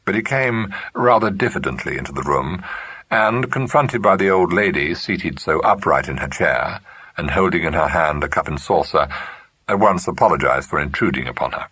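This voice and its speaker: A man giving a measured, expressive narration of a classic mystery novel. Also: deep voice, breathy edge, no room sound. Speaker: audiobook narrator. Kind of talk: scripted narration.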